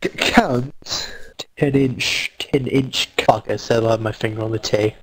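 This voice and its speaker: A man's voice: lowish voice, fairly even intonation, moderate pace, breathy edge, no echo, low-quality recording. A man with an Australian accent, swearing and joking his way through a casual gaming voice chat with friends over a headset mic. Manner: crude, swearing, joking, rambling. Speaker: gamer chatting with friends.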